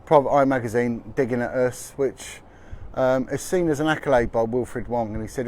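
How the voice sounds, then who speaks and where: Reading figures aloud with chatty asides, a man hosts a casual livestream outside on a windy street. He speaks at medium pitch and moderate pace in a darkish tone; the outdoor recording is noisy with wind, traffic, and street noise.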